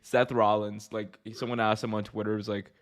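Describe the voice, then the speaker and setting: A man's voice: on the low side, flat delivery, brisk. A man co-hosting a wrestling podcast, joking around in casual chat. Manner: joking, does mocking put-on voices. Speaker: podcast co-host.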